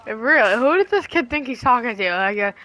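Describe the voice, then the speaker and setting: A woman chatting casually while playing a game with a friend, swearing and teasing, with sudden loud outbursts. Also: fairly high pitch, expressive, a little fast, rough recording. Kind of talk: casual gaming chat.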